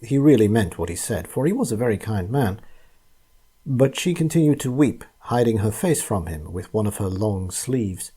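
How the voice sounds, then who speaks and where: Mellow, husky male storyteller. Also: lowish voice, animated, moderate pace. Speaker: narrator. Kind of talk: scripted storybook narration.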